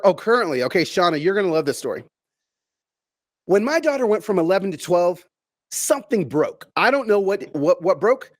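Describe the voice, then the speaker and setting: A middle-aged man giving a motivational keynote to an online audience, animated and chatty, often repeating words and stretching phrases out slowly for emphasis. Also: high voice. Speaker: keynote speaker.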